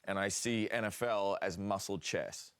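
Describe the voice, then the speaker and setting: Australian man, relaxed studio guest. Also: fairly low pitch, a little slow, clean tone, dry recording. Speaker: actor guest. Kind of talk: casual chat. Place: radio studio.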